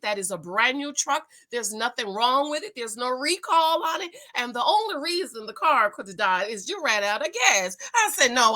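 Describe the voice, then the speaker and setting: A middle-aged woman chatting casually with viewers, reading a news item aloud and telling a personal story, acting out the voices in it. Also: bright, forceful tone. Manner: chatty storyteller, acts out exchanges with rising pitch. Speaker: commentary vlogger.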